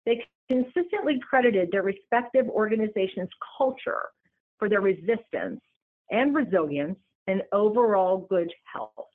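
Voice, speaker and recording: A woman presenting a business series in scripted narration, with measured, emphatic lists. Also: medium pitch, lively intonation. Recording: tinny phone-like line.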